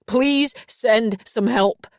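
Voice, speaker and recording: A woman's voice: medium pitch, expressive, moderate pace, no room sound, studio quality. A woman voicing a seventeen-year-old boy who stammers and speaks frantically. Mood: panicked.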